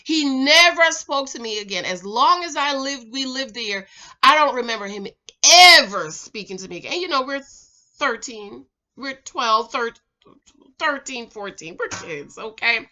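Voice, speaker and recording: Jamaican lady doing a storytime vlog, chatty, kinda high voice. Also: moderate pace, highs cut off. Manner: animated, chatty, swings from loud to quiet. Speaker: vlogger.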